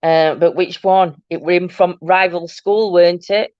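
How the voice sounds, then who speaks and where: A woman's voice: on the low side, steady tone, a little slow, dry recording. A chatty woman hosts her live stream from home, bantering with viewers and laughing easily. Her voice comes through a webcam mic, dry and a little muffled. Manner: chatty and bubbly, laughs often, teasing. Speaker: host of a paranormal live stream. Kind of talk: casual live-stream chat, reading out viewer comments.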